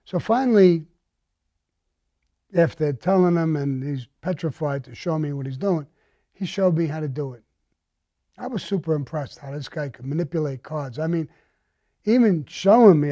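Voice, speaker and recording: A tough man tells a gritty story in a blunt, menacing, heavily profane way. His voice sits a little high yet sounds dark and mellow, captured dry and dull on a lo-fi recording. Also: dry recording. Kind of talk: recounting a crime story.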